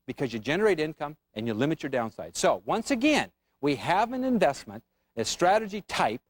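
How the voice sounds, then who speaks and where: In a classroom lecture on options trading, a man with a somewhat high voice keeps firing questions at the room to quiz his students. The recording has no echo.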